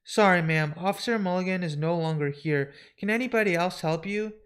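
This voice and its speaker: A man's voice: sits high, a little fast, fairly bright tone, smooth. Guy doing a curt businesslike phone operator dude, comic read aloud. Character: brisk male phone operator.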